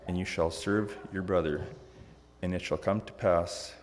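A man with a very low, deep voice reads scripture aloud, earnest and measured with the odd stumble. His words ring through a long hall reverb. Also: steady tone, slight background noise. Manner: earnest, measured with some slips. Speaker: scripture reader.

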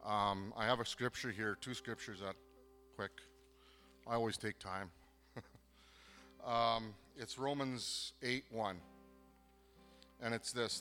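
A man from southern Manitoba gives a personal faith testimony, earnest and halting, with many pauses and restarts. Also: on the low side, fairly even intonation, pushed and bright, long reverb tail, soft background music. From southern Manitoba, Canada. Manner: earnest, moved. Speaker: program participant giving testimony.

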